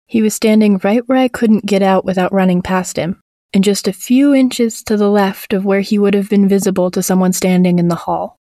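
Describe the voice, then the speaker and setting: A woman tells a first-person horror story at a medium pitch, measured and tense. Her voice is close and dry, with no room sound around it. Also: fairly even intonation, dark tone, no room sound. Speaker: narrator.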